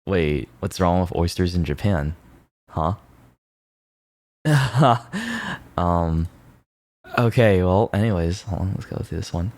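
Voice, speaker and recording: A man streaming casually, reacting to viewers' posts in an excitable, sweary way. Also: sits low, slow, pauses often, dry recording. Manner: excitable, swears freely, jumps between mumbling and loud outbursts.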